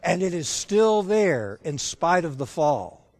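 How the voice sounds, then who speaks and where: A man's voice: fairly high pitch, big pitch swings, takes it slowly, a little mellow, dry recording. A man preaching a sermon, drawing in the audience with questions and acting out the dialogue of a family story. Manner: engaging, asks the audience questions.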